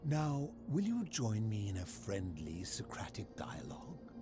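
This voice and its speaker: A man voicing a lonely, aging philosopher hermit in a video game, speaking in a formal, measured and questioning way over game music. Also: lowish voice, wildly swooping pitch. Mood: courteous. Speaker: game character. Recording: game audio with soundtrack music.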